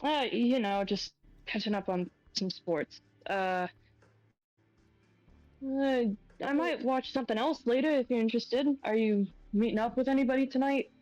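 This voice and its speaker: A woman voicing a relaxed, friendly man making small talk while watching TV. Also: fairly high pitch, normal speed, no echo, dull audio, soft background music, close to an everyday voice.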